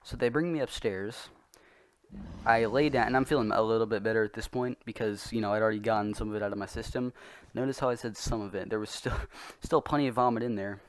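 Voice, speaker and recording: A man's voice: fairly low pitch, fairly even intonation, quick pace. A young man telling a story in a casual, rambling, self-mocking way, often laughing as he goes. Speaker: vlogger.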